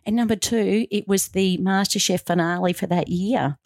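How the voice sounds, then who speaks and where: A woman's voice: medium pitch, normal speed, no room sound, clean studio sound. A middle-aged woman, a guest on a radio show, chatting casually and bringing her story to life by acting out the voices in it. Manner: animated storyteller, acting out quotes. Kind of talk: casual interview chat. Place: radio studio.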